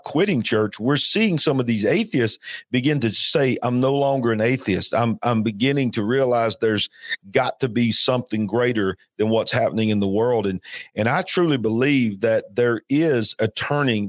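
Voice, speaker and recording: A man's voice: mid-range voice, dry recording, clean studio sound. A man hosting a faith call-in show, talking earnestly and emphatically, with frequent restarts. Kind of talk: preaching-style call-in talk.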